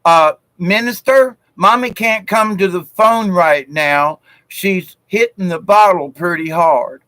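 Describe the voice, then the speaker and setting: A man voicing a blunt little girl, speaking slowly in a raised childish tone. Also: sits high, fairly bright tone, no room sound. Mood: innocent.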